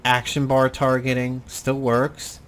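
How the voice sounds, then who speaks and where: A man's voice: mid-range voice, completely flat delivery, slow. A man hosting casual gameplay commentary, rambling and blunt, with the odd swear. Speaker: gaming channel host.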